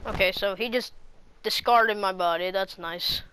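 A woman's voice: mid-range voice, normal speed, bright, forceful tone, slight background noise. A woman playing through a game, reading its text aloud and joking about what she sees. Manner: reads game text aloud, quips at the screen. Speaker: game player voicing characters. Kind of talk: playthrough commentary with character voices.

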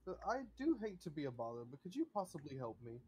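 A man's voice: fairly high pitch, sing-song, fast talker, darkish tone, a little hiss or hum, rough recording. A man voicing a fussy, polite ghost butler who does not know he is dead. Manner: prim, polite, fretful.

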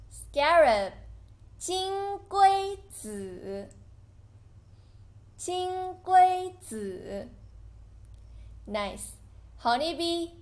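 A woman teaching Chinese vocabulary as a language teacher, saying words clearly and drawing them out for learners to repeat. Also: on the high side. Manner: patient, clear, drawn-out pronunciation for learners. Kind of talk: slow vocabulary lesson with repeat-after-me drills.

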